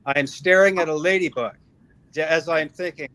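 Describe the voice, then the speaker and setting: A man's voice: on the high side, animated, moderate pace, fairly bright tone, slight background noise, poor audio. A middle-aged man giving a personal faith testimony as an interview guest, telling it emphatically and repeating phrases for weight.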